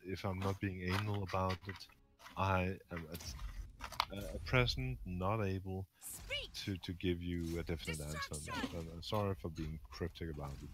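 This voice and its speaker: Low-voiced man, wordy and hedging. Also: fairly even intonation, moderate pace, background noise. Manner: wordy, hedging, bursts into loud laughter. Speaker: podcast co-host. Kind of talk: casual chat.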